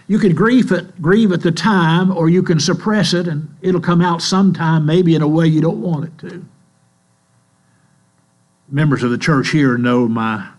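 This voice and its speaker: An older man preaches in a church, telling his stories slowly and earnestly. His voice sits at an ordinary middle pitch. A faint mains hum runs under the recording. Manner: slow, earnest storytelling. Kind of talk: sermon.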